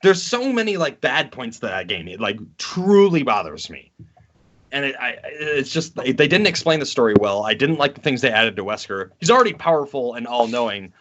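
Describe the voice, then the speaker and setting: A man's voice: mid-range voice, big pitch swings, moderate pace, fairly bright tone. A man co-hosting a casual gaming podcast, rambling and crude as he rants animatedly. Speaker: podcast co-host. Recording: dull lo-fi recording.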